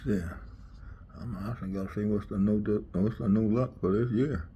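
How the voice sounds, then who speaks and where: A man's voice: on the low side, normal speed, dark tone, dull audio, a little hiss or hum. A man chatting casually and rambling, laughing often and sometimes dropping to a whisper.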